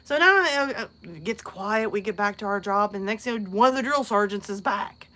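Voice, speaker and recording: A woman hosting her channel, telling a story in a casual, animated way, laughing often and acting out other people in squeaky voices. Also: normal speed. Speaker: channel host.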